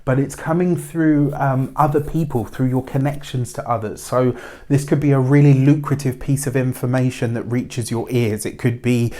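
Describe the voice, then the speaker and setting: A man's voice: medium pitch, fairly even intonation, normal speed, mellow. A man giving a weekly tarot reading in a chatty, rambling way, with spiritual phrasing and frequent fillers. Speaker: tarot reader.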